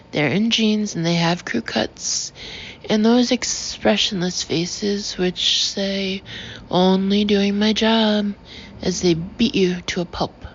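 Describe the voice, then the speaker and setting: A woman reads a novel aloud, her voice mid-pitched with a gravelly fry. She gives each character's lines a light touch of shading. The recording sounds a little dull, with faint noise underneath. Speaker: audiobook narrator. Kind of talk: scripted audiobook narration. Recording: slightly dull, faintly noisy audio.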